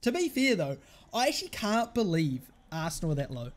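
Young male streamer, volatile and foul-mouthed, pitch that leaps around between shouting and muttering. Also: very animated, a little fast. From England. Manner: swears constantly and rants at the game; swings from shouting outbursts to muttered grumbling. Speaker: gaming streamer. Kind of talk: live gameplay commentary.

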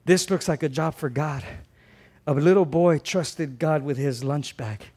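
Preaching with passion, this middle-aged pastor's fairly high, husky voice moves a little slowly. He shifts from booming emphasis to quiet earnestness and leans on repetition to make his points.

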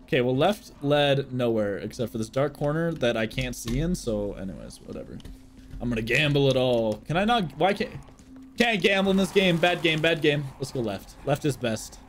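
A man's voice: mid-range voice, normal speed, a little hiss or hum. A young man casually commentating his gameplay for chat, joking and swearing often. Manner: excitable, jokey, swears a lot, talks to chat. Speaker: streamer.

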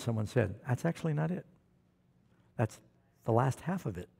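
A man preaching a sermon, animated and questioning the congregation, calling for amens. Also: medium pitch, normal speed, gravelly, breathy edge. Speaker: pastor.

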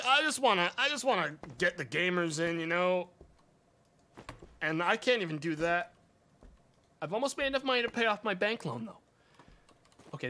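A male streamer giving live game commentary, exasperated and swearing, with sudden yells. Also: on the high side.

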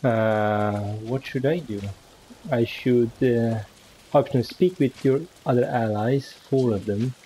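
A man's voice: mid-range voice, slow pace, warm tone, a little hiss or hum, low-quality recording. A man giving casual gameplay commentary, chatty and joking with the game as he plays.

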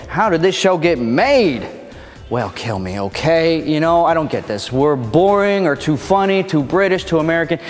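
A man's voice: fairly high pitch, in a large hall. Playful mock-indignant male comedy host. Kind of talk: comedic scripted presentation.

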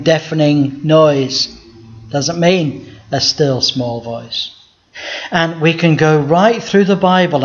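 A male pastor giving an emphatic Bible teaching sermon, asking the congregation rhetorical questions. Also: fairly high pitch. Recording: dull lo-fi recording.

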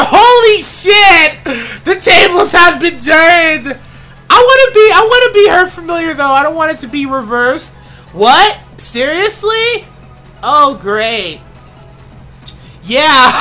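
A woman hosting a let's-play of a dating game, loud and gushing, swearing often and laughing at what happens on screen. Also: high-pitched, expressive, takes it slowly, soft background music. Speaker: video host.

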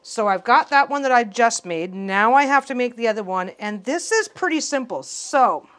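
A woman hosting a casual sewing tutorial, talking in an excitable, rambling way and often repeating herself. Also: fairly high pitch. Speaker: quilting channel host.

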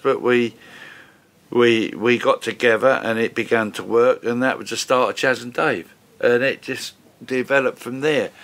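A man's voice: mid-range voice, fairly bright tone. A man in his sixties with a Cockney accent, a musician telling stories in a rambling, chatty way with fillers and restarts. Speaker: musician guest. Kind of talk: casual storytelling interview.

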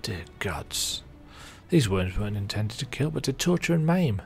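Solemn navy officer, read by a man, low gravelly voice. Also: sing-song, normal speed, faint music behind. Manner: read-out game dialogue.

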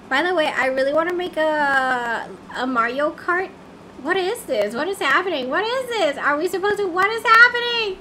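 A woman streamer with a very high, bright voice chats casually while she plays. She is excitable and repeats herself in confused bursts. A faint hiss of noise sits behind her. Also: normal speed. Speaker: livestreamer. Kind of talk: casual gameplay livestream chat.

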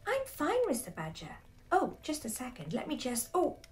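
A woman's voice: high-pitched, wildly swooping pitch, moderate pace, voice pushed up. A woman voicing an eager young boy fox in a storybook, speaking breathlessly and insisting all is fine.

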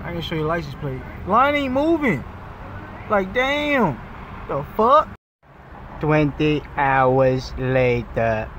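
Young male vlogger, high voice, loud exasperated rant, car with faint traffic. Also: sing-song, slow pace. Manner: loud, exasperated, swearing, shifts pitch often. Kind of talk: casual vlog rant. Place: in a car in a drive-thru line.

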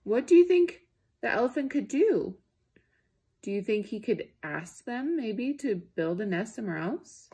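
Husky woman reading to young children. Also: a little high, lively intonation, a little slow. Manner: gentle questions to young listeners. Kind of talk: children's read-aloud.

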